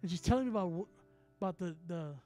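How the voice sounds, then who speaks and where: A man preaching a sermon and telling a story in an animated way, acting out each person in it. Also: sits high, fast talker, soft background music. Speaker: apostle, preacher.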